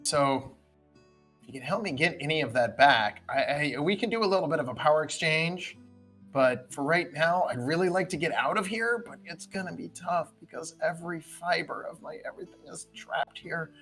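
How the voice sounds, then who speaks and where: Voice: mid-range voice, lively intonation, normal speed, a bit bright, faint music behind. Flirty female sword spirit, casual and rambling, tabletop game, voiced by the GM. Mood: sheepish. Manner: casual, teasing, rambling with fillers.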